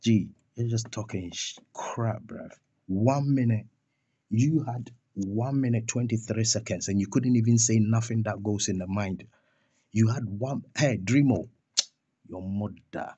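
A man's voice: on the low side, unhurried, mellow, husky, no room sound, highs cut off. A young man ranting in a vlog about a music feud, scornful and firing off rhetorical questions and insults. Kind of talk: heated rant vlog.

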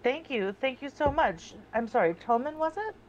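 A woman's voice: high voice, lively intonation, normal speed, slight background noise. Polite woman player on a dull lo-fi mic. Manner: polite, apologetic. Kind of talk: playing a tabletop game in character.

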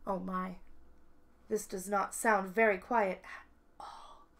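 A woman reading a picture book aloud to children, expressive and stopping to ask the listeners questions. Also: mid-range voice, takes it slowly. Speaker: children's story reader.

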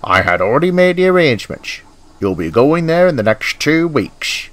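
Guy playing the railway boss, formal and firm, lively delivery. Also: on the high side, moderate pace, voice pushed up. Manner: formal, authoritative. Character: stout stern older male railway boss.

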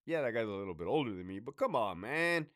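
A man's voice: medium pitch, big pitch swings, fast, a bit bright, dry recording, clean studio sound. A man in his thirties, a former prison lieutenant, ranting in a profane storytime style and laughing between points. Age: 30s.

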